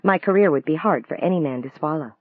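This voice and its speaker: A man reading the lines of a gentle, wistful woman novelist in a soft, earnest voice, raising his pitch for her. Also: fast, no echo, lightly acted. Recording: dry, tinny phone-like sound.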